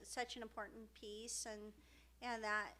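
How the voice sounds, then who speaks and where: A middle-aged woman co-hosting a podcast, talking in a heartfelt, halting way with many fillers and restarts, close to tears at times. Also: mid-range voice, little pitch movement, sharp tone. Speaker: podcast co-host. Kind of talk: heartfelt casual podcast chat.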